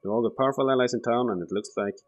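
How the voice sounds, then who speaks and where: A man's voice: medium pitch, very fast, close to an everyday voice. A man voicing a weary, jaded woman who once ran a saloon, reading her game lines aloud. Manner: reads game dialogue aloud.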